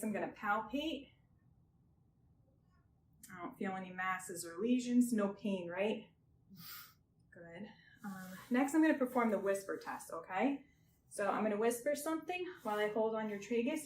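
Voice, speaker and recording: A woman guiding someone through a clinical health exam step by step, gentle and reassuring, often checking in with "okay?". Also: mid-range voice. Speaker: examiner doing a health assessment. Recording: roomy with faint background noise.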